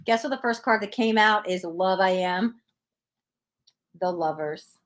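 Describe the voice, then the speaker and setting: Speaking at normal speed in a mid-range voice, a woman livestreams tarot readings. She chats with viewers, reads their comments aloud, and delivers her readings bluntly.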